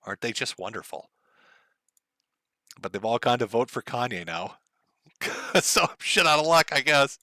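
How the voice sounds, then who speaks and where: A man's voice: medium pitch, sing-song, moderate pace, pauses often, bright, forceful tone, no echo. A man hosting a livestream, ranting in a profane, heated, sarcastic way and reading out viewer messages. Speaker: livestream host.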